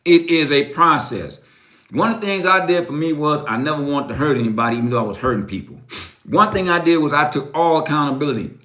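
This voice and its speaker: Man, middle-aged, live-stream motivational talk, emphatic and preachy, repeats himself, high voice, echoey room. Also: lively intonation, quick pace, sharp tone.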